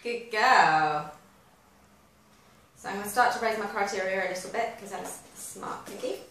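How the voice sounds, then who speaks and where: A woman's voice: medium pitch, steady tone, fast talker. A woman, a dog trainer giving practical step-by-step instructions in a chatty manner. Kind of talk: instructional how-to video. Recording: echoey room with faint noise.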